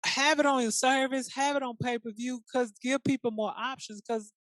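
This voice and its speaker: A podcast co-host chatting casually in a sassy, colloquial way, quick to react. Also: sits high, fairly even intonation, a bit bright, no echo. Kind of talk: casual chat.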